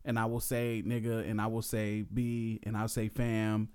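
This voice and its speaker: A man's voice: lowish voice, monotone, normal speed, darkish tone, clean tone. A young man in a casual, argumentative chat with his wife, laid-back and a bit defensive, explaining with computer comparisons. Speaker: husband in a couple's talk.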